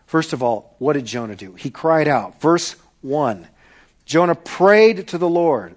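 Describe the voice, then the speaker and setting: A male pastor preaching with a high, bright-toned voice that rises and falls over a wide range. He moves between loud, emphatic calls and soft, hushed passages. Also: expressive, a little slow. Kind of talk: sermon.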